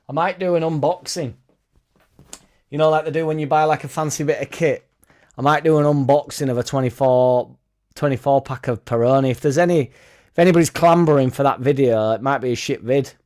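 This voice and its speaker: A man's voice: mid-range voice, a little mellow. A young man hosting a football fan live stream, chatting loosely and reading out viewers' comments with sweary, joking banter.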